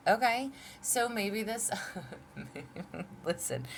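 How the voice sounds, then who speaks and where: A woman's voice: a bass voice, lively intonation, unhurried, gravelly, a little hiss or hum. A woman hosting a casual tarot reading from home, chatty, laughing often and saying y'all. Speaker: tarot reader, channel host.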